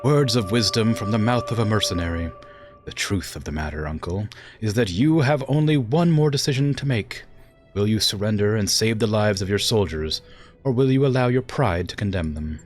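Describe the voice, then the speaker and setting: A man's voice: lowish voice, lively intonation, moderate pace, soft background music, pitched above the performer's own voice, natural voice. A man reading a resolute young woman ruler from a game in an English accent, firm and commanding. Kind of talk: reading game dialogue aloud.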